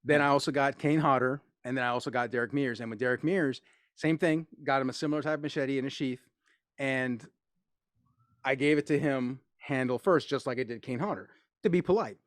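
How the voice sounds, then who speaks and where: Animated male host, mid-pitch, dry sound, jumps into voicing people in his stories. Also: brisk, dry recording. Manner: excitable storyteller, acts out quotes, laughs often. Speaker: interviewer. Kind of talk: casual interview chat.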